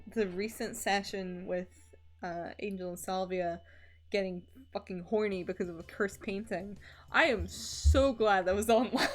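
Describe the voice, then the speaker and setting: A young woman streamer chatting casually while drawing, rambling with lots of fillers, frequent laughter and casual swearing. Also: mid-range voice.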